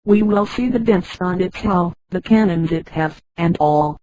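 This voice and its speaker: A man's voice: sits high, unhurried, no room sound, pitched below the performer's own voice, poor audio. A synthetic woman's voice reading as a commanding pirate governor. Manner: even, machine-read delivery of orders. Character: commanding male pirate governor, self-assured.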